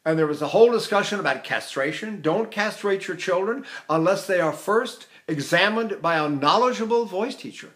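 Animated older male voice teacher. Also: sits high, normal speed, hardly any pauses. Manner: animated, demonstrates vocal sounds and chuckles often. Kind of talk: vocal technique lesson.

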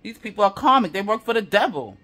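A man's voice: sits high, expressive, quick pace, sharp tone. A man giving a tarot reading to viewers, heated and profane, piling up repeated affirmations. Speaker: tarot reader.

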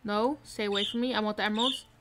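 A woman's voice: medium pitch, fairly even intonation, fast, fairly bright tone. Giggly woman streamer narrating her game. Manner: chatty, giggly, talks to herself and chat. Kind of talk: casual live gameplay commentary. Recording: faint noise with mouse clicks and typing.

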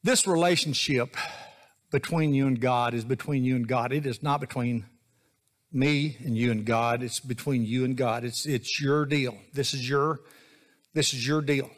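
A man's voice: mid-range voice, fairly even intonation, moderate pace. A man preaching a sermon as associate pastor, in a folksy, joking, conversational way.

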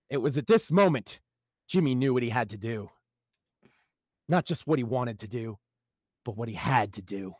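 A man's voice: medium pitch, animated, normal speed, pauses often, a little mellow, dry recording. A man reading his own short story aloud live on a stream, in a dramatic, wry storytelling manner.

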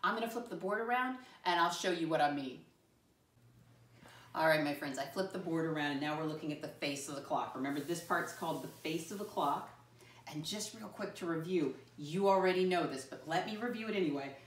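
Woman, first grade teacher, encouraging, slow and clear, lowish voice, roomy distant sound. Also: a little hiss or hum. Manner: encouraging, slow and clear, spells words letter by letter. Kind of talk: classroom lesson to young children.

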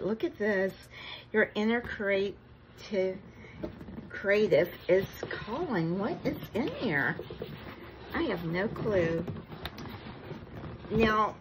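A woman, vlogging an unboxing with gushing, breathless excitement and frequent gasps. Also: mid-range voice, background noise. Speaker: crafting vlogger. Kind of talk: unboxing vlog chat.

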